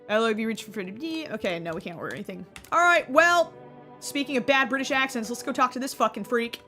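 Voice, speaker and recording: Bright, high-voiced woman streamer. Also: a little fast, faint music behind. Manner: sarcastic, excitable, swears casually. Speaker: gaming streamer. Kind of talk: gaming commentary.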